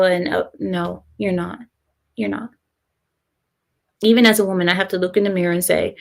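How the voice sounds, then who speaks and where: A woman's voice: mid-range voice, steady tone, measured pace, vocal fry, a little mellow. Opinionated woman streamer, laughing often. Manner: opinionated, laughs often while reading comments. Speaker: live-stream host reading chat. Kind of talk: casual live-stream chat.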